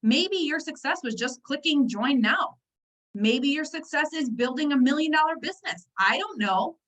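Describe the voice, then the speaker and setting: Chatty high-voiced woman coaching a team. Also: moderate pace, rough recording. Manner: chatty, animated, talks straight to the listeners with frequent asides. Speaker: network marketing team trainer. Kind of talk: motivational team training on a video call. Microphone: video call.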